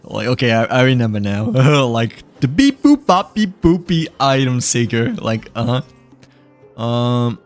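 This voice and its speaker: A man giving casual gameplay commentary, rambling with many fillers and little chuckles. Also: medium pitch. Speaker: gamer.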